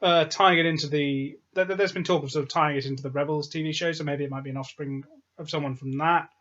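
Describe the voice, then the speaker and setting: A man's voice: fairly high pitch, fairly even intonation, fast talker, a bit bright. A man co-hosting a casual film review, rambling and hedging his opinions. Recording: dull lo-fi sound.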